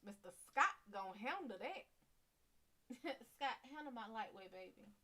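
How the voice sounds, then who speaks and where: A woman's voice: on the high side, lively intonation, unhurried, pushed and bright. A woman giving casual live-stream psychic readings, slangy and playful, laughing often and calling viewers "sugar". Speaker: psychic card reader.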